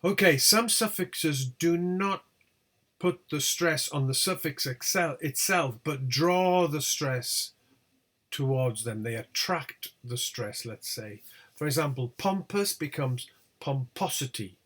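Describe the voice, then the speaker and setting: A man teaching a lecture on English word stress, speaking slowly and deliberately and over-stressing each example word. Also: fairly high pitch, a bit bright. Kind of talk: lecture on pronunciation.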